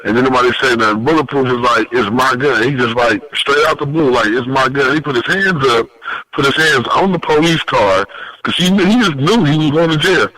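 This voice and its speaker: A man as a podcast guest telling a story in a lively, profane way, with big pitch swings when he quotes people. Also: fairly quick, dry recording, poor audio. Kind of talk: animated storytelling.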